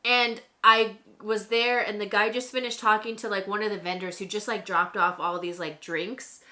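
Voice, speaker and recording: A young woman, a beauty vlogger, chats animatedly while doing her makeup at home, telling a story packed with fillers like "like." Her voice sits at a medium pitch and moves at a normal speed.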